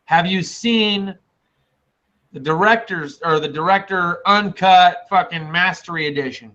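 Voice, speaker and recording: A man in casual podcast chat, telling stories excitedly with lots of swearing and laughter. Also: sits high, unhurried. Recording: slightly dull lo-fi sound.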